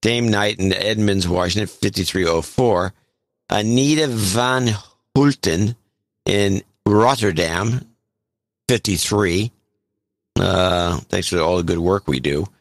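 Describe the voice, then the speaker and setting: A man's voice: sits low, slow pace, no room sound. A man co-hosting a podcast, casually reading out donor names and towns and stumbling over some of them. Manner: reads names and cities, stumbles on pronunciation. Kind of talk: casual chat.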